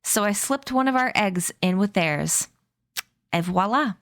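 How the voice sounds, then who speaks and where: In a read-aloud story, a woman voices a mischievous yet proper invisible boy, sounding smug and pleased with himself. Her mid-range voice is fairly bright, with lively intonation and an unhurried pace. The studio-quality recording has no room sound.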